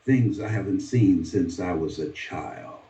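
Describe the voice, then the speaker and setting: A man's voice: deep voice, measured pace, dark tone. A man in his seventies from Miami, giving a motivational speech as dramatic storytelling. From Miami, USA. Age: 70s. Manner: dramatic storytelling with sweeping voice changes. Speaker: motivational speaker. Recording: distant echoey dull lo-fi recording.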